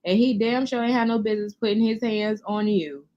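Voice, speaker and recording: A woman's voice: medium pitch, fairly even intonation, brisk, warm tone, highs cut off. A woman commenting on a clip, sarcastic and scolding, addressing the speaker on screen as "girl". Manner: sarcastic, scolding, calls her subject "girl". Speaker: reaction commentator. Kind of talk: reaction commentary.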